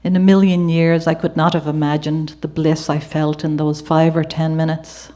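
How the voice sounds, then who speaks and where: A woman with an Irish accent tells her life story to a gallery audience, partly reading from a memoir and partly talking off the cuff. Her voice sits low, and her delivery slips easily from read prose into conversational asides. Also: level tone, normal speed. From Ireland. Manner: warm conversational asides with occasional laughter. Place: gallery event before an audience.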